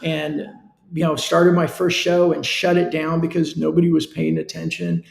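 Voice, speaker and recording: Earnest man with a gravelly voice. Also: fairly high pitch, monotone, normal speed, reverberant. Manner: earnest, conversational, coaching tone. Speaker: show host. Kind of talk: live-stream business talk.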